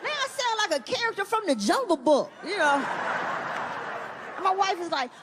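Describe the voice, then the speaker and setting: A middle-aged woman performing a profane stand-up comedy set, animated and shifting into high acted-out voices. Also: moderate pace, over a noisy crowd. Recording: live hall reverb, faint room noise.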